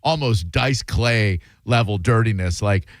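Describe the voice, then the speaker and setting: Male radio host, storyteller, lively delivery, dry studio sound. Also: lowish voice, a little slow, no echo. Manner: animated, does voices in his stories.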